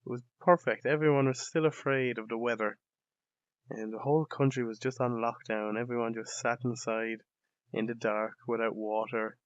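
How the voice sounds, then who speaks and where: A young Irish man rambling through a sweary, sardonic comedic monologue as a podcast host. His mid-pitched voice sits close and dry on a dull, lo-fi recording. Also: steady tone, normal speed, no echo. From Ireland.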